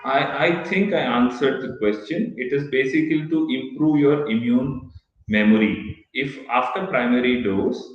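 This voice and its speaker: A male pediatrician, explaining vaccines to parents in a halting, explanatory way during an online workshop. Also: mid-range voice. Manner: explanatory, halting with self-corrections. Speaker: pediatrician answering parents' questions. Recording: echoey, dull lo-fi call audio.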